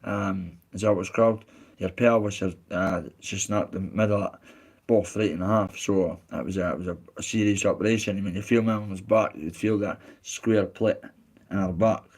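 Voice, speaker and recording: Low-voiced Scottish man, blunt and sweary. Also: fairly even intonation, normal speed, darkish tone. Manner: blunt, candid, sweary, heartfelt. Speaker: livestreamer reading chat. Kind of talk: casual live-stream chat.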